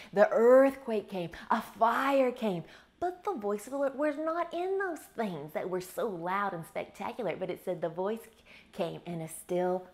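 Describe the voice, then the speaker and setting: A woman hosting a Christian devotional show from her kitchen, telling personal stories in a chatty, warm-hearted way with frequent laughs. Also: mid-range voice. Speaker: Christian teaching show host. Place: home kitchen.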